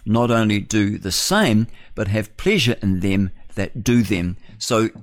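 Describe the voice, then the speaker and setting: A male breakfast-radio host talks on at length in a fairly low voice, rambling from point to point. He often laughs at his own remarks. He sounds close to a studio microphone. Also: measured pace. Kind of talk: opinionated talk radio monologue.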